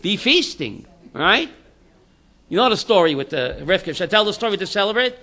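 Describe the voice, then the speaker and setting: Rabbi leading a class. Man, high and bright, animated storyteller who acts out his jokes. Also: fairly quick. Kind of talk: informal Torah class with jokes.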